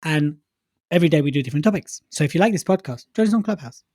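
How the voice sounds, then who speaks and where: A man co-hosting a podcast in casual chat, playful, tossing in quick asides. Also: on the high side, animated, warm tone, no room sound. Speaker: podcast co-host.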